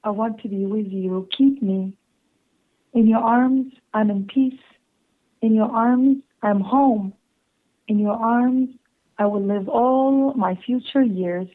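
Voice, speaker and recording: A woman caller from Canada reading her own love poem slowly and tenderly over the phone. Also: fairly high pitch. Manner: slow, tender recital with laughing asides. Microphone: telephone. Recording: tinny phone line.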